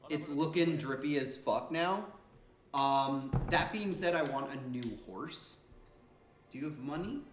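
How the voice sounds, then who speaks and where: A man's voice: a little high, measured pace, echoey room, noisy background. A man giving casual, joking, slangy gameplay commentary as a streamer. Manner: animated, joking, slangy and profane.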